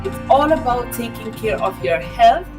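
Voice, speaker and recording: A woman co-hosting a morning web radio health show, greeting listeners in an upbeat, lively way. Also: a little high, normal speed, music in the background.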